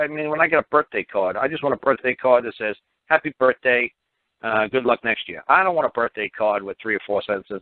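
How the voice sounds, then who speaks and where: A man's voice: mid-range voice, no room sound. A middle-aged man telling stories on a radio show, blunt and profane, with lots of swearing. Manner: profane, blunt, animated storytelling. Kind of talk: rambling radio talk. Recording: dry, phone-like radio audio.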